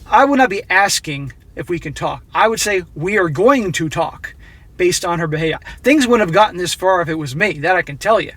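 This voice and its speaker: A man's voice: high voice, expressive, fast talker, few pauses, a bit bright, no echo. A man with a blunt, opinionated manner, reading a story aloud and adding his own commentary, speaking straight to his viewers. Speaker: relationship advice commentator.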